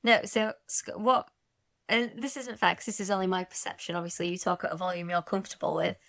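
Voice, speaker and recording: A woman's voice: fairly low pitch, steady tone, a little fast, gravelly, a bit bright. A woman co-hosting a podcast in casual chat, frank and chatty, laughing often. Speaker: podcast co-host.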